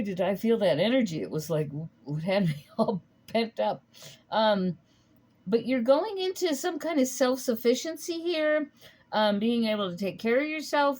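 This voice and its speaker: A woman giving a casual spoken tarot reading, talking in a rambling, halting way with many pauses and restarts. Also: a little high, darkish tone. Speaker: tarot reader.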